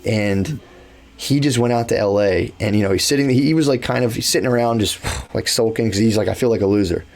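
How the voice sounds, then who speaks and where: This man co-hosts a podcast, spinning loose, conversational stories full of curse words and fillers. His mid-range voice has a darkish tone and moves a little fast.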